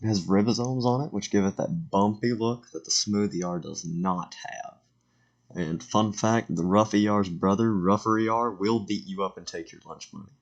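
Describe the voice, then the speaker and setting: Low, gravelly teen boy narrating slides. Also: dull audio. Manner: halting, self-correcting, joking asides. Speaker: student presenter. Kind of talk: casual slideshow voiceover.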